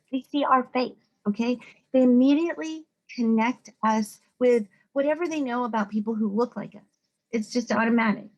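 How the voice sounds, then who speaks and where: A woman from the United States gives a psychology talk to students in a voice pitched a little above the usual. She talks in a loose, conversational way, and she brings her stories to life by putting on the voices of the people in them. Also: highs cut off. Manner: conversational, animated, acts out quoted people in voices. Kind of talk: informal lecture to students.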